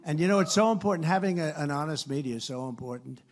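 An older man with a gravelly voice delivers a campaign rally speech into a stage microphone. He rambles and repeats himself, turns sarcastic, and swings from loud, punchy lines to low asides. His voice sits a bit high for a man. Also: expressive, fast talker. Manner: rambling and repetitive, swinging between loud and soft. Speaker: political candidate. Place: rally stage before a crowd.

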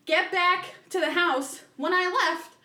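A woman on a podcast telling a story in a casual, animated way, acting out what people said in little voices. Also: extremely high pitch, takes it slowly, far from the mic. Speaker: podcast co-host. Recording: roomy echo, voice a bit off-mic.

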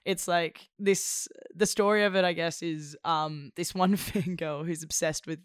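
Casual chat, animated, laughs mid-sentence, middle pitch, dry sound. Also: unhurried, smooth, no echo. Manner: animated, heavy use of "like", laughs while talking.

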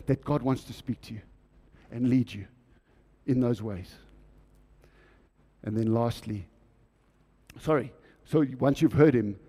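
A man's voice: mid-range voice, dark tone. A man preaching a sermon in a church, often asking the congregation questions.

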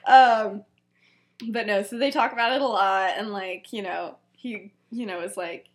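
A woman's voice: medium pitch, unhurried. A young woman co-hosting a podcast, retelling a story in casual chat, giggling often and acting out quoted lines with lots of fillers. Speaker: podcast co-host.

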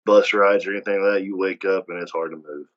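A man's voice: low-pitched, fairly even intonation, quick pace. A man co-hosting a podcast, chiming in agreeably with short remarks on sports. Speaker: podcast co-host. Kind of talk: casual sports chat. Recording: slightly dull, muffled sound.

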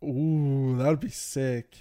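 A man's voice: mid-range voice, steady tone, slow pace, dark tone. Young man joking on a podcast. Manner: joking, rambling, many fillers. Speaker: podcast co-host. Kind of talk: casual podcast chat.

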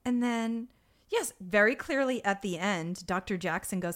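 A woman's voice: medium pitch, normal speed. A young woman co-hosting a podcast, wryly recapping a TV episode in casual chat and mimicking the characters. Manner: wry, expressive, mimics yelling characters. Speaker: podcast co-host.

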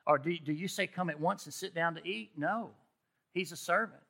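A man's voice: fairly high pitch, normal speed, vocal fry, bright, forceful tone. A man preaching a sermon in a conversational way, often checking in with "okay?" and restarting his words. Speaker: pastor.

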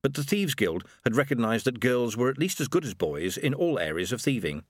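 A man narrating an audiobook with lively, expressive storytelling. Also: mid-range voice, a little fast, no room sound, studio quality. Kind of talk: scripted narration.

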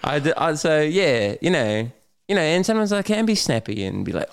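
A man's voice: a little high, fairly quick, gravelly, smooth. Candid, laughing New man. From New Zealand. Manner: animated storyteller, swears, laughs often, acts out his own lines. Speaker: guest. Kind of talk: candid casual conversation.

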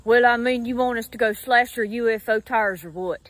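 A woman playing a folksy country woman with a thick Southern US drawl, fussing over a stranger like a mother hen. Her voice sits a little high and carries a down-home comedy-sketch feel. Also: normal speed, crowd noise, natural voice, low-quality recording. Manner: drawling, motherly, calls people honey and baby. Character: folksy rural Southern woman helping a crashed alien. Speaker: comedy clip character.

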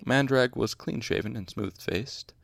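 A man's voice: mid-range voice, measured pace, gravelly, no echo, clean studio sound. A man casually reading a novel aloud, stopping now and then to correct his slips. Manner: informal, stops to correct slips. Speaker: audiobook reader. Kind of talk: casual amateur audiobook narration.

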